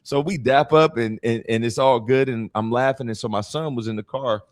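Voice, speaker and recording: A man in his forties, a guest speaker and author, answers interview questions and tells stories in an animated way, acting out other people's lines. He has a mid-range voice and a moderate pace, recorded at studio quality with no room sound.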